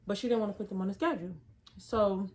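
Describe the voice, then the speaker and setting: Animated young woman telling a story. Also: medium pitch, fast talker. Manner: animated, slangy, emphatic retelling. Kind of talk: casual storytime vlog.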